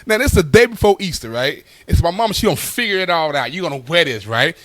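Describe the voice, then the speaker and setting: A male comedian telling a stand-up story, animated and full of repeated asides. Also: a little high, quick pace, no echo.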